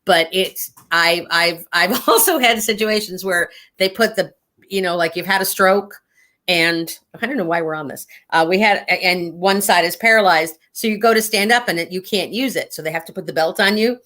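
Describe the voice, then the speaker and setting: A woman's voice: lowish voice, pushed and bright. A woman guest chatting casually, telling a long story with many fillers and restarts, laughing as she goes. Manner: rambling, halting with fillers, laughing through stories. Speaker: guest, standardized patient actor.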